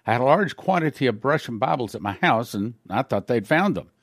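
In a sermon, a man gives an earnest testimony, telling his story plainly with small slips and acting out other people's voices in shifting tones. His medium-pitched voice is expressive, fairly quick and fairly bright, recorded with clean studio sound and no room echo.

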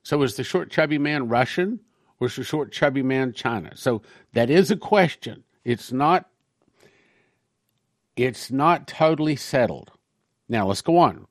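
A man's voice: medium pitch, expressive, a little slow, no room sound. Dry-sounding male pastor. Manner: conversational, reads quotations aloud. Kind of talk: sermon-style prophecy talk.

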